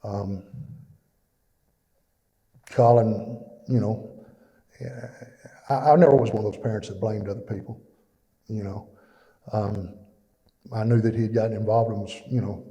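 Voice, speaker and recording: A man's voice: on the low side, mellow. A middle-aged man giving a plainspoken, emotional personal testimony at a church, with many fillers. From East Texas. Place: church fellowship hall. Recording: long reverb in a church hall.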